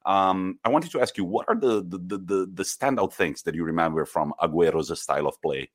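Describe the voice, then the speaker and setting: A man's voice: sits low, animated, dry recording, studio quality. A man co-hosting a football podcast, telling stories with enthusiasm in a casual chat. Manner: storytelling, enthusiastic, quick bursts. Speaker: podcast co-host.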